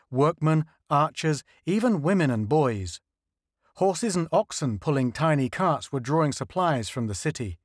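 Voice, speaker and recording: A man narrating a classic science fiction story in an expressive, lively reading. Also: mid-range voice, dry recording, clean studio sound. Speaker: audiobook narrator. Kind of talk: scripted narration.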